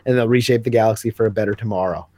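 A man co-hosting a podcast, chatting casually and retelling scenes with lively put-on voices. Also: fairly low pitch, rapid-fire, dry recording. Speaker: podcast co-host. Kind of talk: casual comic book chat.

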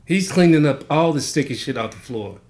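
A man's voice: a little high, expressive, fairly quick, a little mellow, slight background noise. A man in casual podcast chat, tossing in short, profane reactions. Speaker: podcast co-host.

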